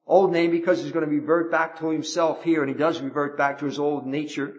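A man's voice: a little high, flat delivery, a little fast. A man preaching a sermon with fervent delivery, repeating phrases for emphasis and restarting as he goes. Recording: dull lo-fi recording.

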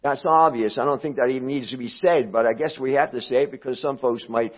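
A man's voice: mid-range voice, quick pace. Man preaching a plain sermon, lo-fi. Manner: plain, repetitive emphasis with frequent fillers. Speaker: pastor.

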